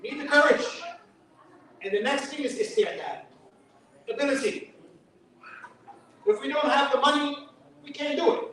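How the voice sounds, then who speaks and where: A man's voice: very high-pitched, normal speed, long pauses, a bit bright, slight background noise. A man with a New York accent giving a sermon at a mosque fundraiser, chatty and joking, with Arabic quotations. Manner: conversational preaching with joking asides and Arabic quotations. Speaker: guest speaker at a mosque fundraiser. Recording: echoey hall from far off.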